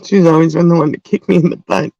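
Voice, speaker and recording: Tearful middle-aged woman, gravelly voice. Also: low-pitched, steady tone, dark tone, no echo, muffled recording. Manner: tearful, halting, heartfelt. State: crying. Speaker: livestream host. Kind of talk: emotional livestream talk.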